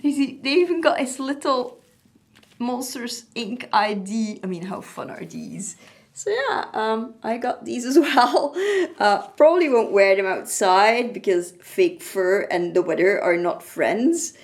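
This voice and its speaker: A woman with a slightly high voice talking casually into her camera. She is chatty and playful, tossing in laughs and theatrical sighs as she goes. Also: expressive, unhurried. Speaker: craft vlogger. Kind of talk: casual vlog chat to camera.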